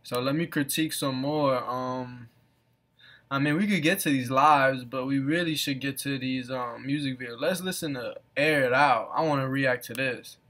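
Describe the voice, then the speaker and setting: A man's voice: medium pitch, normal speed, sharp tone. A man hosting a reaction video, mocking what he watches with heavy swearing and frequent laughter. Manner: profane, mocking, laughing often. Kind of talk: casual reaction commentary. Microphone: off camera voice-over.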